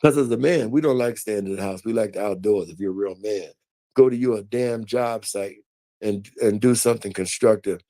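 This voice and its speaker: An older man telling a story in a casual, animated and folksy way on a live stream. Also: fairly low pitch, normal speed, dry recording.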